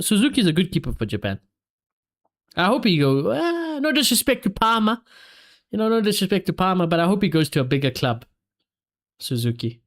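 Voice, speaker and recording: A man hosting a live football watchalong stream, reacting excitedly to the play and reading out viewer comments. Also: on the high side.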